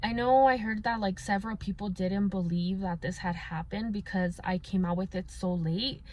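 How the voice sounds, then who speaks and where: A woman's voice: mid-range voice, normal speed, a little mellow. A young woman speaks candidly into the camera, looking back on a painful time in her life. Her talk is casual, full of fillers, and she switches into Spanish words mid-sentence. A faint noise sits under the recording. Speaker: vlogger. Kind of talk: personal storytelling.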